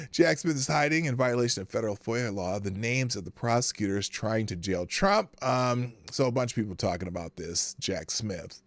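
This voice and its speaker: A man hosting a live political talk show, reading quotes aloud and reacting with incredulous, animated commentary. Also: medium pitch, moderate pace, no echo.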